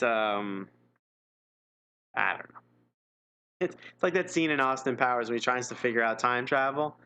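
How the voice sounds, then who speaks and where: A man's voice: medium pitch, bright, forceful tone. A man streaming live, reading an interactive gamebook aloud and chatting casually, wry and self-mocking with frequent chuckles.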